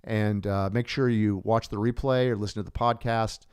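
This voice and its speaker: A man's voice: lowish voice, steady tone, moderate pace, darkish tone, smooth. A man presenting a live online course, talking casually and enthusiastically with many fillers and restarts.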